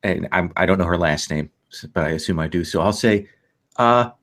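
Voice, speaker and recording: A man's voice: low-pitched, fairly even intonation, fast. A man playing a tabletop role-playing game, describing his character's actions in a hesitant, stammering, playful way. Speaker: player.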